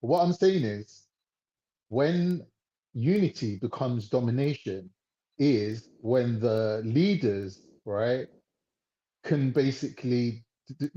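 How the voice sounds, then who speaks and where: A man with a warm, mellow voice challenges his opponent in a casual debate. He keeps asking questions and checks with "right?". The recording sounds a little dull and lo-fi. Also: medium pitch. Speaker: debate partner on a podcast.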